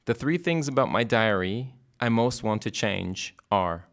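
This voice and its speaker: A man hosting a podcast, asking brisk quiz-style questions and reading the closing outro. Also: fairly low pitch, animated, fairly bright tone. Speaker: podcast host.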